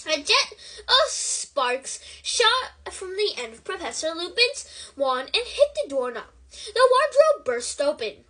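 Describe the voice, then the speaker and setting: A woman reads a novel aloud in an expressive storytelling way. Her voice is high and very lively, climbing and dipping from phrase to phrase. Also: takes it slowly, poor audio. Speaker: book reader.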